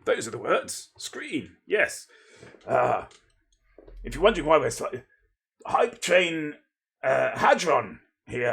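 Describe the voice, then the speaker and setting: A man's voice: medium pitch, creaky, a bit bright, slightly rough. A man from Lincolnshire, casually chatting and rambling playfully as a livestream host, thanking viewers and interrupting himself. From Lincolnshire, England.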